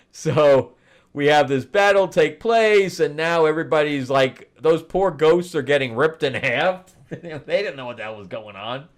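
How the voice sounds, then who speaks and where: A man's voice: fairly high pitch, lively intonation, a little slow. Man casually recapping comics. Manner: rambling retelling with laughs and asides. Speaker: comic review host.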